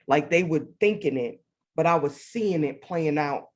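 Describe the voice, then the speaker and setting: A woman telling a personal spiritual story as a guest, animated, acting out her own past words. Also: deep voice, a little slow. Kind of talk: casual faith testimony.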